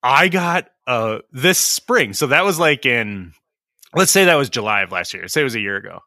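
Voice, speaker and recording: A man's voice: medium pitch, animated, normal speed, pushed and bright, no echo, studio quality. A middle-aged man on a podcast, a licensed tradesman who rants bluntly, swears freely and acts out the exchanges he describes. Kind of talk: casual podcast chat.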